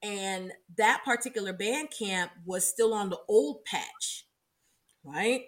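A woman from South Florida, co-hosting a podcast and reminiscing in casual chat, animated and quick to laugh as she acts out old quotes. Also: medium pitch. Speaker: podcast co-host.

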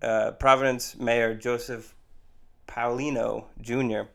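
Brief: man with a smooth, resonant mid-range voice, podcast co-host, relaxed joking chat. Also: mid-range voice, takes it slowly. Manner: joking, conversational. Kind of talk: casual chat.

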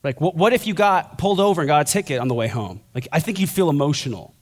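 A man's voice: fairly high pitch, lively intonation, fast talker. A young man preaching a sermon as a pastor, conversational and joking, then building to fervent intensity.

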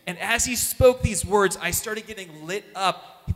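Animated man telling his story in a reverberant hall. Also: sits high, a little slow. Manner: animated storytelling, acts out quoted voices. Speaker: youth minister. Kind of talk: testimony talk.

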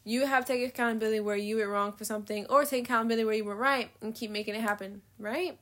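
A nineteen-year-old woman hosts a casual solo podcast, talking in rapid-fire bursts with a slightly high, steady, fairly bright voice. She rambles, leans on fillers, swears freely and laughs at herself, and she says she has a slight lisp.

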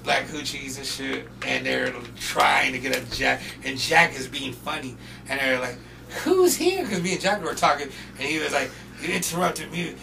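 A man from North Portland, a podcast guest, telling casual stories in an animated, profane way and acting out other people's voices. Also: mid-range voice, normal speed, creaky. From North Portland, USA. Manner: animated, profane, laughing, acts out quoted voices. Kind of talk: casual storytelling. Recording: distant mic with steady background noise.

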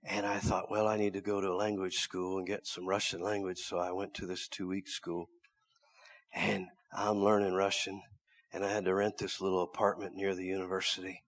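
A male preacher telling a story in a sermon, dramatic, swinging from loud cries down to hushed whispers. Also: deep voice, level tone, normal speed.

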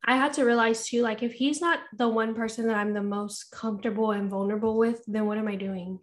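A woman with a somewhat high voice chats candidly into a podcast mic. She is confiding and talkative, laughs easily and swears in passing. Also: steady tone, fairly quick. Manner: chatty, confiding, laughs often, profane. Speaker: podcast co-host. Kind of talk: candid casual chat.

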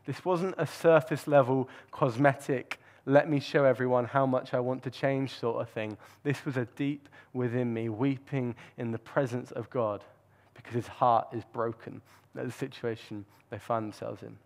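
A man's voice: medium pitch, fairly even intonation, moderate pace, darkish tone. A man giving a sermon, earnest and reflective, with the odd filler and restart. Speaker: preacher.

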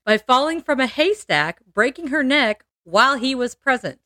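A woman's voice: sits high, big pitch swings, normal speed, sharp tone, no echo, clean studio sound. A woman hosting a podcast, telling a true-crime story in casual chat, laughing often and adding playful asides.

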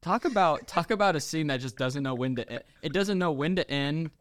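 A man co-hosts a casual movie-review chat. He is animated and incredulous, and his pitch leaps around as he reacts. The sound is dry and close, with no echo. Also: fairly quick. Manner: incredulous, animated, laughs often. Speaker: podcast co-host.

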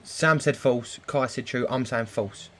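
A man co-hosting a podcast, loud and boisterous, swearing in casual banter. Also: mid-range voice, measured pace. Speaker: podcast co-host.

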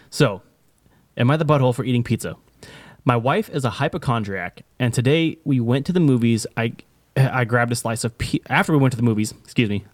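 A man's voice: mid-range voice, no room sound. A young adult man co-hosting a podcast, telling a rambling story with lots of fillers and acted-out quotes. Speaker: podcast co-host. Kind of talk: casual storytelling chat.

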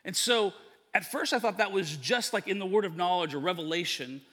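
A man's voice: sits high, brisk, fairly bright tone, in a large hall. A man preaching a sermon, telling a story with acted-out dialogue and laughter.

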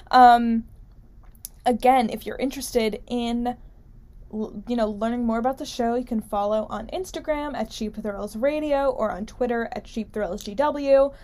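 A woman's voice: on the high side, darkish tone. Chatty young woman hosting a radio show. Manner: chatty, filler-heavy, wry. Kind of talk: casual political commentary.

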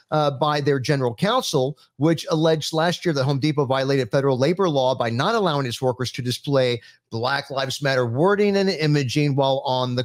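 A man's voice: on the high side, no room sound, studio quality. A man hosting a panel chat, who reads out news stories with many fillers and restarts. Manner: halting, lots of fillers. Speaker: podcast host.

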